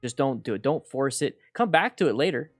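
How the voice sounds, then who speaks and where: A man's voice: medium pitch, lively intonation, brisk, soft background music. Chatty man on a headset mic. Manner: chatty, repeats words, reads viewer questions aloud. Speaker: motorcycle coach and livestream host. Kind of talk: casual live Q&A chat. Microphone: headset mic with noise gate.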